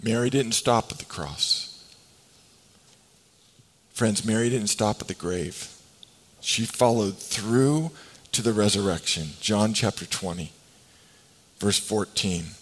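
A pastor preaching to his congregation in a somewhat low male voice. He moves between quiet, drawn-out phrases and emphatic, rising lines. He gives the scripture characters voices of their own as he tells the story. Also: poor audio. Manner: expressive, swings between hushed and emphatic delivery. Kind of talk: sermon.

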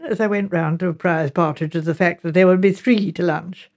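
A woman reading an audiobook narration in a crisp, measured storytelling manner. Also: fairly low pitch, fairly even intonation, darkish tone.

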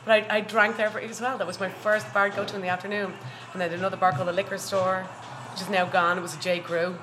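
A woman with an Irish accent chatting as a guest, effusive and quick to laugh. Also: mid-range voice, little pitch movement, faint music behind. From Ireland. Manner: warm, effusive, laughs often. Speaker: guest, hospitality worker. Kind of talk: casual chat. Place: bar.

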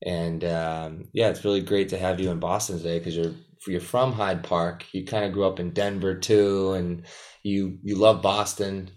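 A man's voice: low voice, fairly even intonation, normal speed, a little mellow. A man from Massachusetts hosting a podcast in a friendly, teasing casual interview. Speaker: podcast host.

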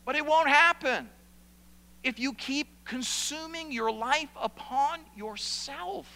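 A man's voice: very high voice, takes it slowly, vocal fry, bright, forceful tone, in a large hall, rough recording. A man preaching a sermon as pastor, animatedly acting out the complaints of church members.

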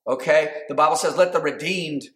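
A man preaching a sermon, building to shouted calls and asking the congregation to respond. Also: on the high side, a little fast. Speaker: pastor. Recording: roomy echo.

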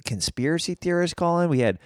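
A man's voice: on the high side, lively intonation, fairly quick, no echo, clean studio sound. A man hosting a podcast, chatting in an upbeat, friendly bro-ish way with his guest. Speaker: podcast host. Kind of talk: casual podcast chat.

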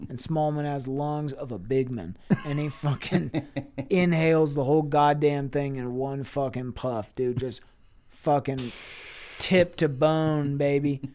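A man's voice: mid-range voice, steady tone, a little slow, a little mellow. A man co-hosting a podcast, telling an improvised comic story in a rambling, profane way with laughs between phrases. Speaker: podcast co-host.

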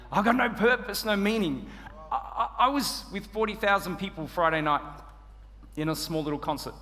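Australian man, preacher, high bright voice, joking storyteller, reverberant church hall. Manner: humorous, self-deprecating, animated storytelling. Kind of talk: sermon.

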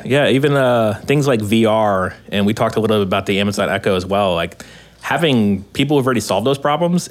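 Podcast host, man, relaxed joking chatter, lowish voice. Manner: easygoing, agreeable, joking. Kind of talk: casual podcast chat.

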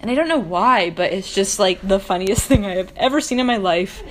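A young woman co-hosting a casual podcast, giggly and animated as she tells stories. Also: medium pitch, a little fast, slight background noise. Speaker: podcast co-host. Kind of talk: casual chat.

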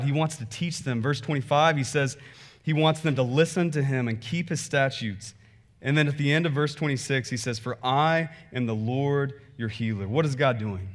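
A man preaching a sermon, conversational and animated, reading scripture and acting out churchgoers. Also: fairly high pitch. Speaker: pastor.

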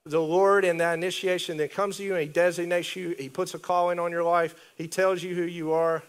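Preacher, male, higher voice, animated and chatty delivery to a congregation. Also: a little fast, smooth. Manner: conversational, animated preaching with asides and laughs. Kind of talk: sermon.

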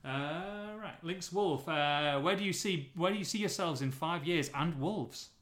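A man's voice: a little high, a little slow, a bit bright. A man co-hosting a casual football podcast, reading out listener questions with chatty, bantering asides.

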